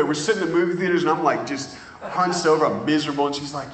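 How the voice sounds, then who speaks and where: A man preaching a sermon, telling stories in an animated way and drawing out words for emphasis. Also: a little high, reverberant, rough recording. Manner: animated storytelling with drawn-out emphasis.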